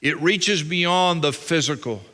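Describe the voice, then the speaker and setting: A man's voice: a little high, slow pace, pushed and bright. A man preaching a sermon as pastor, emphatic and fond of repeating phrases for weight.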